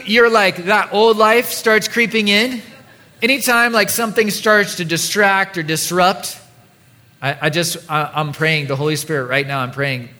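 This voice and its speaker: A man delivers a sermon in a church with a casual, joking manner. His voice sits a little high for a man, and he talks to the congregation as if chatting with friends. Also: sharp tone. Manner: conversational and playful, with mock voices. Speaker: pastor.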